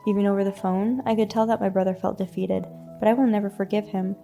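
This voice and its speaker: A woman reading a first-person story in an even, scripted narration. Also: mid-range voice, fast talker, vocal fry, hardly any pauses, faint music behind.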